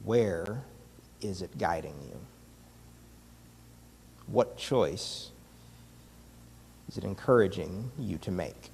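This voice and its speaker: Slow, deep-voiced man in a reverberant church. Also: animated, creaky, darkish tone, a little hiss or hum. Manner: reflective, with many pauses and fillers. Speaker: communion meditation leader. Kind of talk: communion talk and prayer. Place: church sanctuary. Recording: long hall reverb from a distance.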